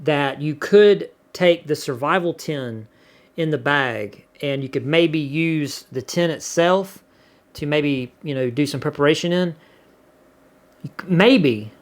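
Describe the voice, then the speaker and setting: A man's voice: a little high, animated, a little slow. A middle-aged man, casually chatting to his viewers and reading their comments aloud in a rambling, easygoing way. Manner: laid-back, rambling, repeats words and restarts often. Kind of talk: casual chat.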